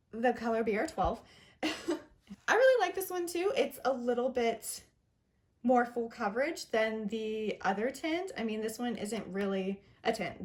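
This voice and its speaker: A young woman chatting casually through a makeup review, upbeat and chatty, with little self-deprecating laughs. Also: fairly high pitch. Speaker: beauty vlogger.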